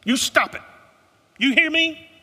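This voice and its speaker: A man's voice: extremely high pitch, measured pace, pushed and bright, in a large hall, voice pushed up, full character voice. A man voicing a stern Southern mother with a Southern accent, scolding a group of teenage boys firmly.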